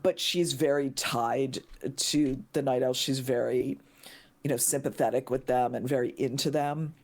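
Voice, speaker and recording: A woman in casual podcast chat, excitable and gushing, now and then shrieking with delight. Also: extremely low pitch, a little slow. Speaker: podcast guest.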